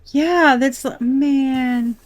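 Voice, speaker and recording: A woman's voice: sits high, extremely slow, dry recording. A young adult woman doing a casual tarot reading, chatty and blunt, swearing and laughing often. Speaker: tarot reader.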